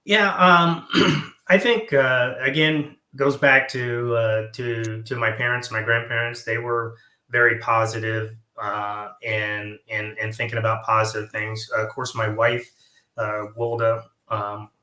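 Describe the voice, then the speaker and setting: A man with a Southern American accent, a guest chatting about his years in command, talking haltingly with many fillers and restarts. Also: medium pitch, level tone, bright, forceful tone. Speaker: guest, former squadron commander. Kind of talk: casual interview chat. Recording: roomy echo.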